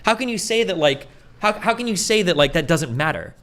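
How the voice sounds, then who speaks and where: Fast, animated man ranting. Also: sits high. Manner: profane, animated, acts out quotes in a mocking voice. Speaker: podcast host. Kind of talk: heated casual commentary.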